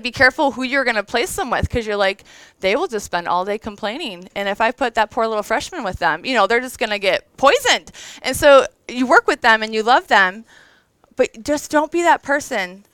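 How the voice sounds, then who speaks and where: Woman in her thirties, devotional talk, conversational and earnest, smooth resonant voice, dry close sound. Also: on the high side, a bit bright, no room sound, low-quality recording. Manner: conversational, earnest, emotional at times. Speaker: women's event speaker. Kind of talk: devotional talk to a live audience.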